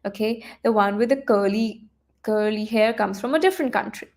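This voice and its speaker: A woman teaching a live online coding lesson, talking her students through the screen with lots of fillers, restarts and thinking out loud. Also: mid-range voice, normal speed. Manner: chatty, thinks aloud with many fillers and restarts.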